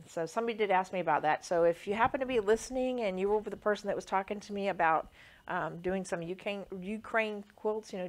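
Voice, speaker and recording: A woman quilter chatting casually through a sewing demonstration, rambling with lots of fillers. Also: medium pitch.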